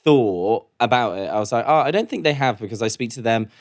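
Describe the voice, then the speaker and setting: A man's voice: mid-range voice, expressive, a little fast, dry recording, studio quality. Easygoing man hosting. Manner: easygoing, laughs along, leads the questions. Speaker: podcast co-host. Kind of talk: casual chat.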